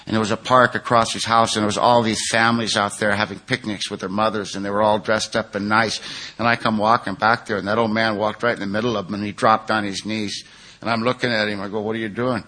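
A man's voice: lowish voice, flat delivery, quick pace, pushed and bright. A man giving an earnest, confessional recovery testimony to a meeting. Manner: earnest and confessional, with raw emotion.

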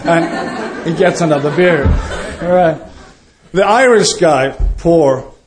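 A man's voice: a little high, slow, music in the background. A man hosting a meeting and telling a joke, often chuckling as he goes. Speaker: meeting host.

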